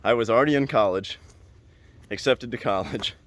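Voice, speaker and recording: A young adult man hosting a podcast, telling a story in a casual, animated way and repeating phrases for emphasis. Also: mid-range voice, moderate pace. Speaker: podcast host.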